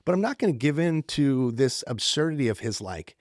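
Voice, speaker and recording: Clean studio audio with a dry sound captures a middle-aged podcast co-host telling a story in casual chat. His medium-pitched voice moves fairly quickly, and he animatedly acts out what others said.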